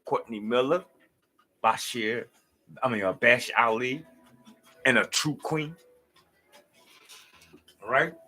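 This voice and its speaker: A man's voice: medium pitch, slow pace, pauses often, bright, forceful tone. A tired man hosting a late-night livestream, rambling loosely in slang and preaching about life. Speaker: livestream host.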